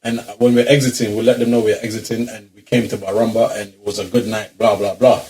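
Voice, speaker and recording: A man, a podcast co-host telling an animated, slang-heavy story and laughing through it. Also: on the low side, fast talker. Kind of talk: casual storytelling chat.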